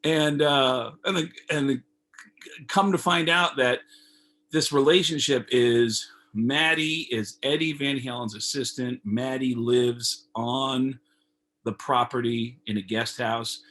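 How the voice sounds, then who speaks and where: A man's voice: mid-range voice, takes it slowly, low-quality recording. A man, a comedian, telling a long anecdote on a video call in a casual, profane way, jumping into other people's voices as he goes. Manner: animated, profane, acts out others' lines in raised voices. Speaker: comedian guest. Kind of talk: casual storytelling interview.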